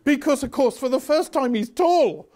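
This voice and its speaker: A man's voice: very high-pitched, expressive, moderate pace, a little mellow. A man in his sixties giving a revision lecture, chatty, anecdotal and self-mocking. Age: 60s.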